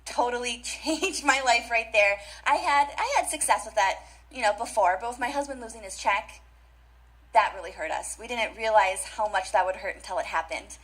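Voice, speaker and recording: A woman's voice: a little high, normal speed, fairly bright tone, low-quality recording. A young adult woman giving an emphatic motivational talk at a conference, repeating key phrases and speaking straight to the audience. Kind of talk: motivational speech. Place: conference stage.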